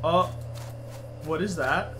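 A man's voice: on the high side, slow pace, fairly bright tone, a little hiss or hum. A young man giving profane, jokey let's-play commentary, panicking and swearing through a horror game. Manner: panicky, joking, heavy swearing. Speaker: gaming streamer.

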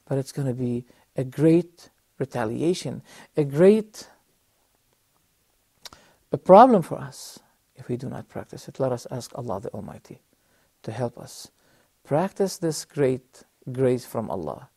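A middle-aged man teaching a religious lesson on a TV program, telling a story earnestly with measured pauses and rhetorical questions, speaking straight to his audience. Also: medium pitch, animated, gravelly, warm tone, slightly rough, dry recording. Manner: addresses the audience directly. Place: TV studio.

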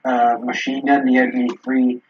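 A man's voice: mid-range voice, completely flat delivery, normal speed, a little hiss or hum. A young man chatting with friends while playing a shooter, making dry, teasing quips over a lo-fi line. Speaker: gaming friend. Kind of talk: casual gameplay banter.

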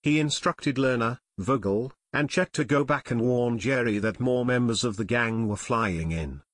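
A man's voice: mid-range voice, moderate pace, fairly bright tone, no echo, studio quality. A man narrating an audiobook expressively, voicing every character.

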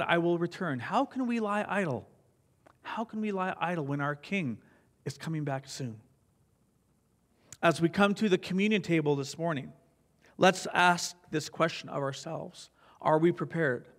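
A man's voice: a little high, in a large hall. A man giving a Sunday sermon in an earnest, reflective way, reading scripture aloud. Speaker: pastor.

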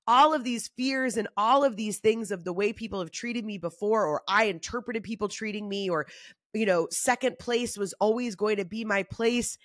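A woman comedian talking in a casual solo monologue, animated and swearing freely, acting out other people's voices. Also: no room sound, clean studio sound. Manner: acts out quoted voices in shifting pitch. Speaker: comedian and podcast host.

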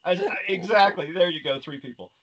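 A man's voice: high voice, brisk, highs cut off, a loud crowd. A man co-hosting a casual talk show, speaking in a rambling, hesitant way with lots of fillers and restarts. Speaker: co-host. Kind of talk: casual chat.

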